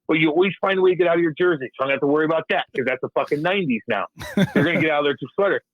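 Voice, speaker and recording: A former hockey enforcer guests on an interview, his slightly high voice firing off words fast through lo-fi audio. He's blunt and swears constantly, laughing often as he acts out old exchanges in casual, profane chat.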